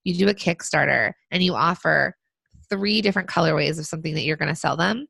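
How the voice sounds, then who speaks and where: A woman co-hosting a business podcast, giving casual advice with lots of fillers, her voice still rough from being sick. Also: low-pitched, a little fast, a bit bright, no echo. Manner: conversational, frequent fillers. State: recovering from illness. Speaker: podcast co-host.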